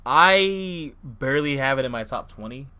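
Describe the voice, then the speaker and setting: A man's voice: medium pitch, normal speed, smooth. Podcast guy, voice jumps all over, blunt, swears a lot. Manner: lively, blunt, swears, laughs at his own jokes. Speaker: podcast co-host. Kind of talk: casual podcast chat.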